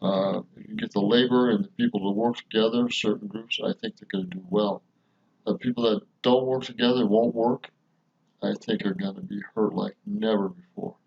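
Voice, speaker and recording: A man hosting his own channel, giving slow, measured commentary and repeating his key points. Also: fairly low pitch, steady tone, vocal fry. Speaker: channel host commenting on a clip. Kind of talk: commentary voice-over. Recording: lo-fi dull sound.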